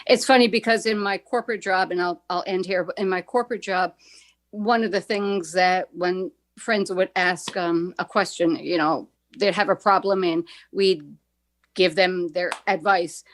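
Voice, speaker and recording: A woman's voice: fairly low pitch, steady tone, moderate pace. A woman taking part in a coaching mastermind, chatting casually and agreeing often. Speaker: mastermind participant. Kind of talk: casual chat.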